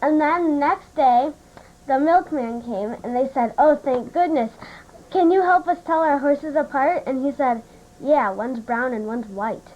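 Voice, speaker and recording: A woman's voice: high-pitched, measured pace, a little mellow. A woman telling jokes at a family holiday gathering at home, chuckling as she goes. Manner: chuckling through her punchlines. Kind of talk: casual joke telling. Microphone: home camcorder. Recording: muffled home camcorder audio with faint hiss.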